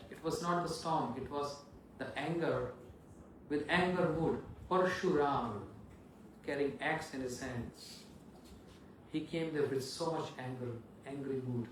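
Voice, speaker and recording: A man's voice: on the high side, a little slow. A male monk animatedly telling a devotional story, acting out the scenes. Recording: echoey room, far from mic, faint noise.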